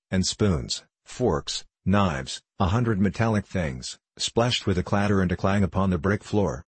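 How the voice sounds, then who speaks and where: Male audiobook narrator, very deep and husky, dry close sound. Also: no echo. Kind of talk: scripted narration.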